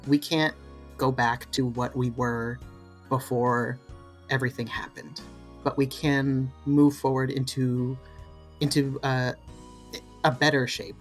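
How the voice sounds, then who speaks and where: A podcast co-host in a casual discussion, thinking out loud and halting often with fillers. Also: mid-range voice. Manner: thoughtful, rambling, halting with many fillers.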